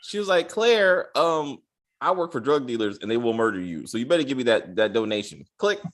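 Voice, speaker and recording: A man hosting a casual review chat, animated and acting out characters' lines as he talks. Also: medium pitch, fairly quick. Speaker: podcast host.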